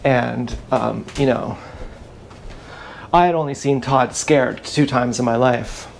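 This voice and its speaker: A man talks off the cuff in a loose, wandering monologue, restarting his sentences and cursing freely. His voice sits at an ordinary middle pitch and is picked up on an action camera mic with a faint hiss of ambience underneath. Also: gravelly. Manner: meandering, profane, halting storytelling. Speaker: livestreamer. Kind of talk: rambling casual monologue.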